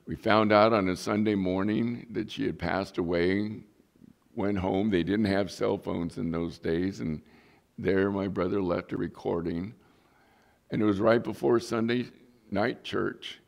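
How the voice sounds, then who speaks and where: A man's voice: on the low side, steady tone, measured pace, vocal fry. A middle-aged man, a pastor and police chaplain, preaching a sermon in a plainspoken, earnest storytelling way.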